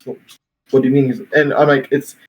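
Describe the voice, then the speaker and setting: A man's voice: medium pitch, flat delivery, brisk, dull audio. Young man telling a rambling story. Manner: rambling, full of "like" and restarts, laughs while telling. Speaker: podcast host. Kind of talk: casual storytelling chat.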